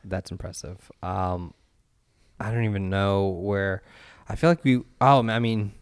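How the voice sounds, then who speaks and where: A man's voice: deep voice, fairly even intonation, unhurried, smooth, no room sound, studio quality. A man co-hosting a podcast, agreeing often and telling a story casually. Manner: agreeable, lots of yeahs, storytelling. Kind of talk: casual chat.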